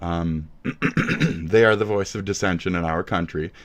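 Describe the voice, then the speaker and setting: A man hosting a livestream, ranting with lots of cursing, swinging between yelling and muttering. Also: low voice, steady tone, moderate pace. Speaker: livestream host.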